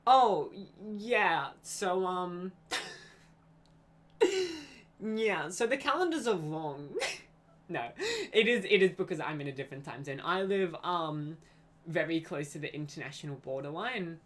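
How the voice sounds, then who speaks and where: A woman's voice: on the low side, animated, a little slow, long pauses. A young woman streaming live, chatting in a rambling, scatterbrained way with frequent giggles and self-corrections. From Australia. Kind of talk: casual rambling stream chat.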